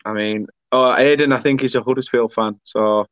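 A man's voice: mid-range voice, fairly even intonation, normal speed, a bit bright, no room sound, muffled recording. A man hosting a casual talk show, chatty, laughing often and reading comments aloud. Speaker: podcast host reading viewer comments. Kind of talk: casual chat.

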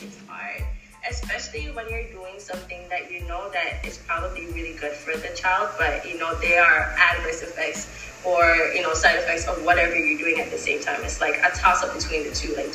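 Podcast host, woman, candid and chatty, bright tone, slightly distant mic in a roomy space. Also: fairly low pitch. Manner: candid and chatty, laughs often. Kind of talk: casual podcast chat.

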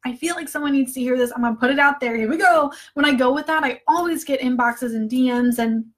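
A woman's voice: high voice, quick pace, fairly bright tone. A woman coach giving a casual recorded training talk, chatty and full of fillers, openly emotional as she speaks. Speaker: online business coach.

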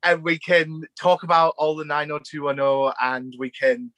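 Bright-voiced eager podcast host on video call. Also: mid-range voice, steady tone, normal speed, no echo. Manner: eager fan, chatty and informal. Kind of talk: casual interview over video call.

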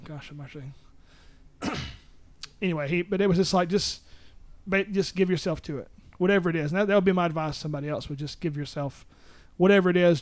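Southern-accented man, higher voice. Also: dry recording. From Southern United States. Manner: rambling, self-correcting storyteller. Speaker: musician guest. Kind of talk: casual interview chat.

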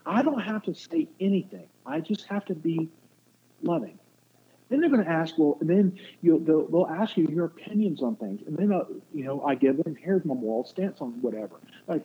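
A man's voice: fairly high pitch, sing-song, normal speed. Male guest, casual faith talk, rambling, tinny line. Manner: rambling, restarts often, acts out quotes. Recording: muffled phone-like line with faint noise.

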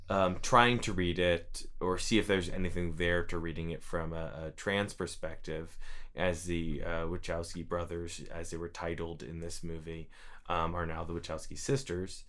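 A man's voice: low voice, level tone, normal speed, a bit bright. A man co-hosting a casual movie podcast, rambling and often restarting his sentences. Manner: rambling, self-interrupting, laughs at himself. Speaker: podcast co-host.

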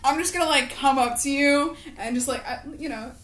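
A woman's voice: sits high, a little fast, fairly bright tone. A young woman co-hosting a podcast in casual chat, playful and crude, slipping into silly voices. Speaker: podcast co-host. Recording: echoey room.

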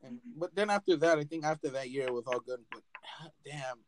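A man's voice: fairly high pitch, a little fast, crowd noise, low-quality recording. A young man hosting a casual podcast chat, telling stories with lots of swearing and laughter. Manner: storytelling, swears freely, laughs often. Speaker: podcast host.

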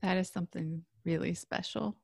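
A woman's voice: on the low side, steady tone, moderate pace, vocal fry, darkish tone, breathy edge, dry recording, studio quality. A woman hosting an interview podcast, talking in a reflective, affirming way and asking open questions. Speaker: podcast host. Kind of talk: interview conversation.

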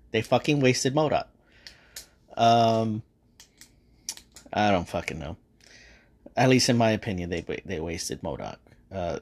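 A man hosting a podcast and giving a casual, rambling movie review, full of swearing and hesitant fillers. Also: mid-range voice. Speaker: podcast host.

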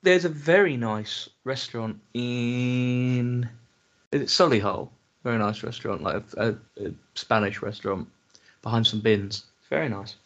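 An English man co-hosts a casual podcast chat at a middle pitch. He is blunt and grumbling and swears freely. The recording sounds dull and lo-fi. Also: moderate pace, fairly bright tone. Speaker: podcast co-host.

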